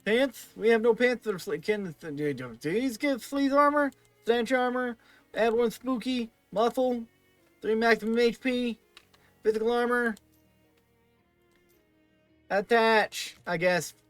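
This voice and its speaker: A man's voice: very high voice, unhurried, long pauses, no room sound, faint music behind. Man muttering through a game. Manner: thinking aloud, muttering through item lists. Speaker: gaming video host. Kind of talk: let's play commentary.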